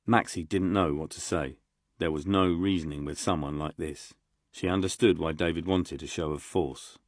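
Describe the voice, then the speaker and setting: A man reading an audiobook in a steady, measured way. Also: very deep voice, no room sound, studio quality. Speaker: audiobook narrator. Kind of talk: scripted narration.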